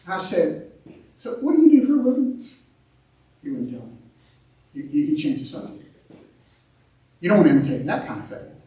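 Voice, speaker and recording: A man preaching a sermon as pastor, in an animated style that repeats words and swings between loud and quiet, recorded in a church sanctuary. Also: on the high side, a little fast, pauses often. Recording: echoey sanctuary, mic at a distance.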